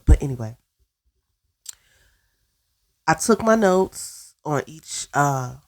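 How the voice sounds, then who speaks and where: A woman gives a casual, opinionated recap of a reality show, sounding stuffy from a cold. Her voice sits on the low side and her delivery is blunt and sassy, full of pointed asides. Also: darkish tone. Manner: sassy, blunt commentary with "okay?" tags. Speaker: recap vlogger.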